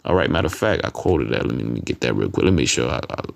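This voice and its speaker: A street preacher with a rumbling low, animated voice and vocal fry preaches informally from scripture, blunt and profane. He tags lines with "man" and "you know what I'm saying," and reads verses slowly with emphasis.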